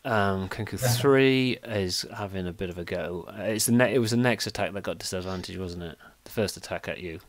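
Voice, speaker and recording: A man running a tabletop game as game master, talking in a relaxed, chatty way full of fillers. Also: low-pitched, fairly quick, few pauses, dry recording.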